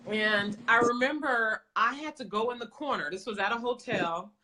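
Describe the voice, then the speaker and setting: A woman's voice: a little high, moderate pace, bright, forceful tone, a little hiss or hum. A woman coach, telling a story in a blunt, emphatic way with some swearing, in a casual conversation. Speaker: business coach.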